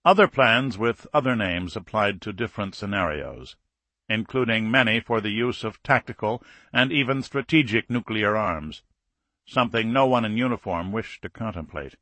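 A man narrating an audiobook thriller in a measured, scripted reading. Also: mid-range voice, fairly bright tone, dry recording.

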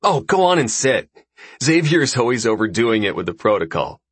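A man's voice: medium pitch, very animated, normal speed, husky, no echo, pitched above the performer's own voice. A man voicing a jovial, boastful young male ruler who talks in a breezy, self-assured way for an audiobook. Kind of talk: audiobook character voice.

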